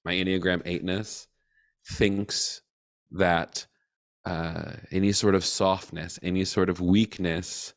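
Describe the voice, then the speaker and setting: Low-voiced man sharing candidly. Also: flat delivery. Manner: candid, emotional, swears casually, halting restarts. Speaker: cohort facilitator. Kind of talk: personal reflective talk.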